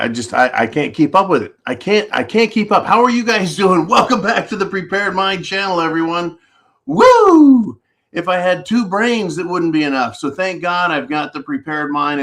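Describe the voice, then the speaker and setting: A man with a voice pitched a little high for a man hosts a live-stream commentary on his preparedness channel. He rants in an animated, profane way, piling insult on insult.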